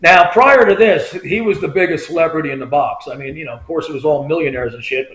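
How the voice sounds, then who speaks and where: A man's voice: fairly high pitch, fast, fairly bright tone. A middle-aged man, a former state trooper, telling a story as a podcast guest in a rambling way, full of fillers, acting out the voices of the people he quotes. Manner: rambling, full of "you know" and "I mean", acts out quoted voices. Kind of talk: casual storytelling. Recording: echoey room.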